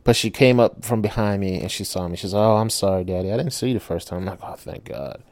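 A middle-aged self-published author tells a personal story in a casual monologue, speaking fast in a lowish voice with no room sound. He's animated, swears, and throws in many rhetorical asides.

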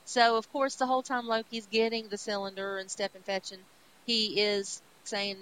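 A woman co-host tells comic book stories in a chatty, animated way. Her voice sits at an ordinary middle pitch, and a faint hiss runs under the recording. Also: normal speed, low-quality recording. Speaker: podcast co-host. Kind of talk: casual retelling of comic books.

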